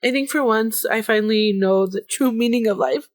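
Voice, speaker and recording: A woman's voice: on the high side, normal speed, no echo. Laughing, teary young woman podcaster. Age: 20s. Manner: emotional, laughing through tears, switching into Spanish. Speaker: podcast host. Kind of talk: casual solo podcast chat.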